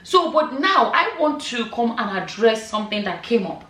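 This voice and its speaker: A middle-aged woman talks straight to her viewers in an emphatic, conversational way, leaning on rhetorical questions. Her voice sits a little high for a woman. It sounds roomy and echoey, picked up from a little way off the mic. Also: very animated, normal speed, pushed and bright. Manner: emphatic, rhetorical questions, many "you know" asides. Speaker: vlogger. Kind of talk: casual commentary vlog. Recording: echoey room, voice a bit far from the mic.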